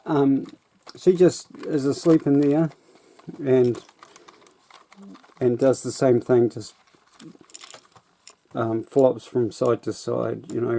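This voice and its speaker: A man's voice: a little high, mellow. A man casually reviewing a toy set in a rambling, self-deprecating way.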